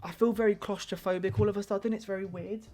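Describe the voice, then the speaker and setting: A woman's voice: mid-range voice, fairly even intonation, quick pace, warm tone, soft background music. A young woman live-streaming a tarot reading in casual chat, rambling and hesitant with many filler words.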